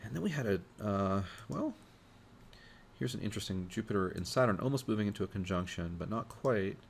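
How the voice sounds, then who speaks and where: A man with a very low, gravelly voice talks through charts in a loose, thinking-aloud way, full of fillers and restarts. A faint background hum sits under his voice. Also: expressive, fairly quick. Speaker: astrologer host. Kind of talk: informal talk walking through charts.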